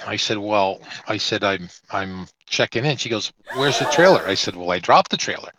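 A man's voice: lowish voice, moderate pace, rough recording. A man who drives trucks and co-hosts a podcast, telling a long road story in casual chat and acting out both sides of the exchanges. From Canada. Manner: animated anecdotal storytelling, acting out quoted exchanges.

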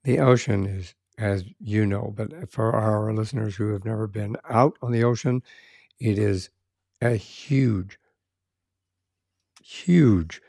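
Gravelly low-voiced male host. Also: slow, warm tone, no room sound, clean studio sound. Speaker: podcast host. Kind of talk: interview chat.

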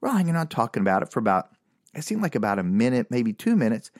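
Animated man telling a wild story. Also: mid-range voice, quick pace, dry recording, studio quality. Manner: animated, rambling, laughs at his own story. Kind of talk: casual anecdote.

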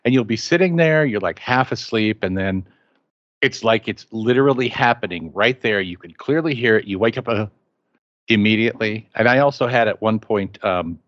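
A man with a lowish voice tells stories on a podcast, lively in the telling. His audio is dry and a little muffled, like a modest home setup. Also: moderate pace, no room sound. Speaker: podcast co-host. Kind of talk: casual chat.

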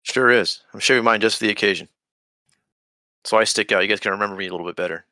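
Playful guy hosting a hockey podcast, lowish bright voice, dry mic. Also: quick pace, no room sound. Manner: joking, playful. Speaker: podcast host. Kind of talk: casual sports podcast chat.

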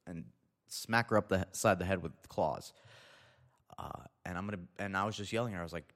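A young man with a deep, slightly bright voice rattles off a rambling, profane comedic anecdote at a brisk pace. He pauses often and keeps cutting himself off mid-sentence, and the recording carries a long reverb.

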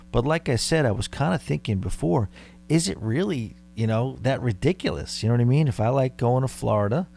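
A man's voice: mid-range voice, vocal fry, warm tone. Male podcast host, 30s, Long Island accent, chatty storyteller, light background hum. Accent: Long Island New York. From Long Island, New York. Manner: rambling, conversational, dare-I-say asides. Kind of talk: casual storytelling.

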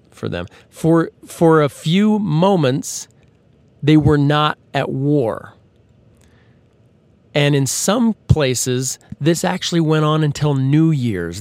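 A man's voice: mid-range voice, no echo. A man hosting a podcast, talking through a casual, earnest monologue with frequent fillers and restarts. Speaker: podcast host.

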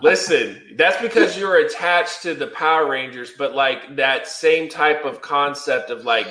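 A man's voice: a little high, measured pace, pushed and bright, roomy sound. A man co-hosting a casual podcast chat, rambling with lots of fillers. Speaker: podcast co-host.

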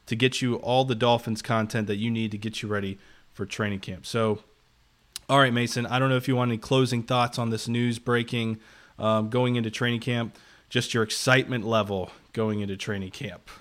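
A man's voice: mid-range voice, steady tone, a little fast. A man co-hosting a casual sports podcast, his voice nasal and congested from being ill, upbeat as he plugs upcoming episodes. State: congested from illness. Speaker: podcast co-host.

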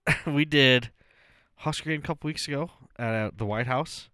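A young man with an everyday mid-pitched voice, chatting casually on a podcast. He tells stories in an easygoing, wry way. The sound is dry and close to the mic. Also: moderate pace, bright, forceful tone, smooth, dry recording. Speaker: podcast co-host. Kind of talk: casual chat.

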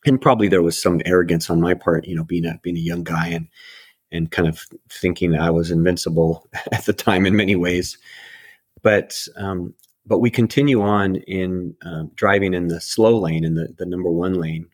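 A man with a low, slightly husky voice recounts a story from his past, earnest and halting, circling back to restart his sentences. He sounds close and dry, with no room around him. He is a middle-aged podcast guest. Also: fairly even intonation, no echo. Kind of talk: personal storytelling.

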